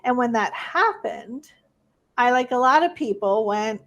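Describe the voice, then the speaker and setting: Expressive woman hosting an interview podcast. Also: a little high, measured pace. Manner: candid and expressive, asking questions. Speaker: podcast host. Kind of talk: casual interview conversation.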